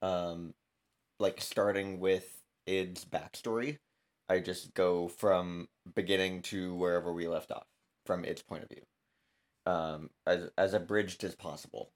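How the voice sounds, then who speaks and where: A man cast member of a podcast chatting casually, hesitant with many pauses. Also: sits low, fairly even intonation. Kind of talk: casual chat.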